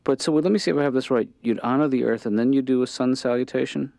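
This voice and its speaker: An actor playing a calm father and office boss who talks in a measured, reasoning way. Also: mid-range voice, vocal fry, no echo, studio quality, natural voice.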